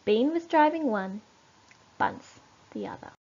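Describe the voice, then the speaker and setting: Woman teacher, storybook read-aloud, slow, fairly high voice, dull lo-fi recording. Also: gravelly, husky. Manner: slow, expressive reading.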